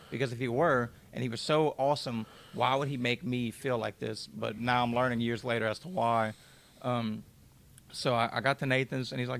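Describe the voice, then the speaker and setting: Podcast guest, male, 20s, gravelly mid voice, candid storyteller with loose language. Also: medium pitch, fairly even intonation, fairly quick, a bit bright. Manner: candid and raw, swears freely. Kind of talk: personal storytelling.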